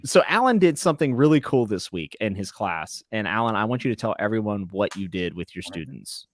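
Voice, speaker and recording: A man's voice: lowish voice, lively intonation, fairly quick, dry recording. Joking male podcast host, dry sound. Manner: joking, laid-back banter. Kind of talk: casual chat.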